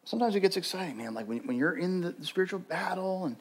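Young male pastor, slightly high voice, loose and chatty sermon delivery that pushes into urgent stress. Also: animated, fast, husky. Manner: conversational, full of "like" fillers, rising to urgent emphasis.

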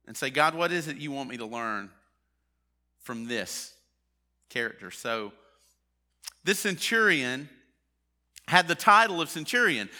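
Bright-voiced preacher, conversational. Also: male voice, a little high. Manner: conversational, with fillers and restarts. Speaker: pastor. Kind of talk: sermon.

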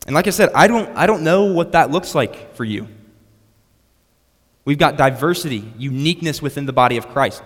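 Animated and pitched on the high side, this young man moves at a moderate pace through a sermon built on a personal story. His manner is that of a storyteller, and he keeps restarting words. A long hall reverb hangs over everything.

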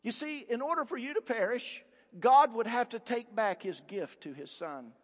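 A man with a high, light voice preaches a sermon from the pulpit, pressing his points with rhetorical questions and hammering repetitions. His words ring out with a long, lingering reverb from a large church hall. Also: expressive, normal speed. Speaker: pastor. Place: church sanctuary.

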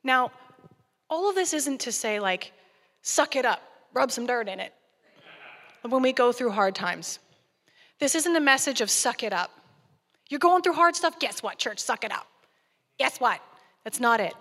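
A woman's voice: on the high side, lively intonation, measured pace, pauses often, fairly bright tone, long reverb tail. A woman guest preacher giving a conversational sermon and acting out scripture dialogue.

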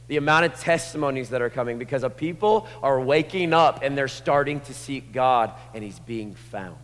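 A man preaching a sermon, moving from hushed, intimate lines to passionate shouting. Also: medium pitch, expressive, moderate pace. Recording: long hall reverb.

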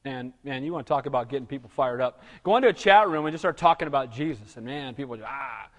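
A man's voice: medium pitch, lively intonation, fast talker, dull audio. A man preaching a sermon in a conversational style, asking the room rhetorical questions and calling for amens. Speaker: pastor. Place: church hall. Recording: long reverb in a large room.

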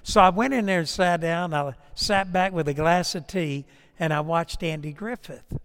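High-voiced preacher in a reverberant hall. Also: male voice, clean tone. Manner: slow, emphatic preaching cadence that drops to a soft storytelling voice. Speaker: pastor. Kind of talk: sermon. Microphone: lapel or stage mic. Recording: long reverb in a church hall, crackling mic.

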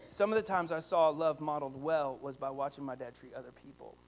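Male pastor in his thirties, high voice, animated storyteller in the pulpit. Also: brisk. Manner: animated storytelling, rising to excited shouts. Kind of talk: sermon with personal stories.

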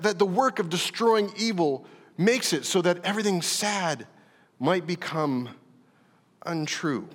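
A man's voice: high voice, fairly bright tone. A man preaching a sermon as pastor, earnest, stumbling over repeated words and building to emphatic lines. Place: church hall. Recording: reverberant church hall.

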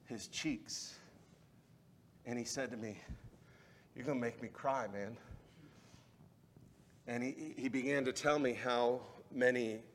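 A pastor preaching a sermon in a voice of ordinary pitch for a man. He tells his story in an easy, casual way, then builds up to fervent preaching.

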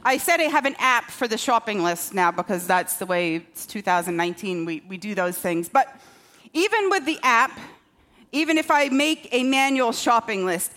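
Her fairly bright voice sits on the high side with lively intonation, moving at a moderate pace. The pastor keeps her sermon conversational, laughing at herself and checking in with the congregation through a rhetorical "okay?".

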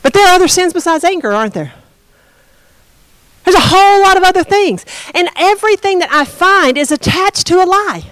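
High-voiced woman pastor preaching. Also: lively intonation, fairly quick, fairly bright tone, dry recording, poor audio. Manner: conversational preaching, asks the congregation questions. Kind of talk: sermon.

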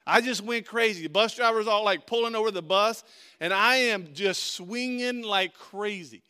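A middle-aged man preaching a sermon, telling a personal story with lively swings from quiet to shouting. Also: high voice, normal speed, clear, resonant tone. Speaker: pastor.

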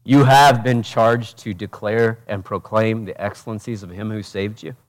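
A man, a pastor, preaching a passionate sermon, swinging from loud urgent peaks to quiet intimate asides and asking the congregation direct questions. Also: lowish voice, fairly even intonation, normal speed. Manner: preaches with rhetorical questions and acted quotes.

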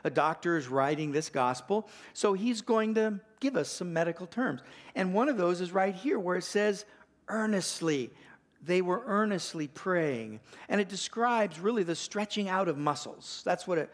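Animated older male pastor preaching. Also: normal speed. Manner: animated, rising in pitch and volume to stress points; folksy storytelling with restarts. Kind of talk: sermon.

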